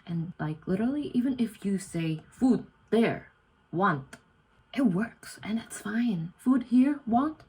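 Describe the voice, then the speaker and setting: At night in her student room, a young adult exchange student from Indonesia vlogs to camera in a relaxed, chatty, self-deprecating way, voicing quoted lines higher. Her voice is creaky, dark-toned and slightly rough, and the audio is poor.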